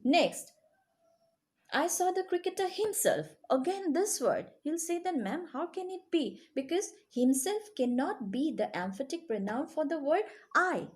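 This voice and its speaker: Lively woman teaching grammar. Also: sits high, a little slow. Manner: lively, checks understanding often. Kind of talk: grammar lesson to children.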